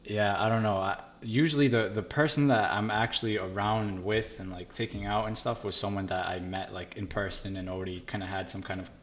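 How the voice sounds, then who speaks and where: A young married man co-hosting a podcast, easygoing and a little halting as he talks. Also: fairly low pitch, steady tone. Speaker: podcast co-host. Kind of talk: casual chat.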